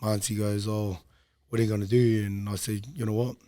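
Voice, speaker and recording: A young man, a podcast guest, casually telling a long personal story in a low-key, rambling way with frequent ums. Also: flat delivery, fairly quick, dark tone, dry recording, studio quality.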